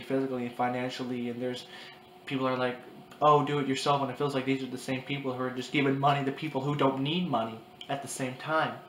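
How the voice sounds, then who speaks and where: A young man in his early twenties cries as he talks to his camera in a personal vlog. His voice stays flat and monotone, halting, restarting and repeating himself. The room is echoey, with a faint hiss behind him. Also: medium pitch. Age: 20s. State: crying. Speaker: vlogger. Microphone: camera mic.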